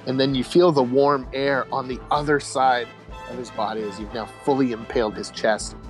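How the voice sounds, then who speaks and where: A man's voice: mid-range voice, normal speed, faint music behind. Laid-back man narrating as game master. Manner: relaxed, descriptive, chuckling, many fillers.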